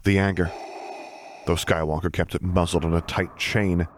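A man reading a fan-written story aloud in steady, measured narration. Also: sits low, slight background noise. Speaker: audiobook narrator. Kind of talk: scripted narration.

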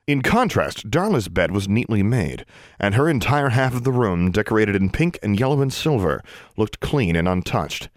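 A man narrating an audiobook chapter with expressive storytelling. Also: on the low side, moderate pace, no echo, studio quality. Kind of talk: scripted narration.

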